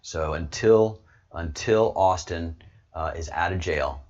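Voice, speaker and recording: A man's voice: deep voice, slow, darkish tone, muffled recording. A man hosting an online video show, giving heated political commentary and repeating words as he pushes his point. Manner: emphatic, repeats words while pushing a point.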